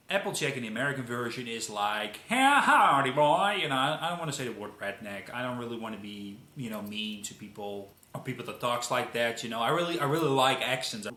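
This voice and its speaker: Casting: a Dutch-accented man, emphatic, repeats himself, bright tone, echoey room. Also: medium pitch. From Netherlands. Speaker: video commentator. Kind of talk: casual commentary.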